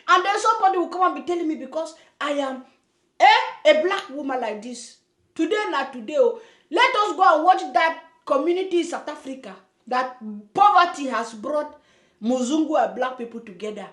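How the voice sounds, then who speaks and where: A woman giving animated, emphatic commentary to camera as a vlog host, ranting with slangy asides. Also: high voice, brisk, echoey room. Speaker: vlogger host.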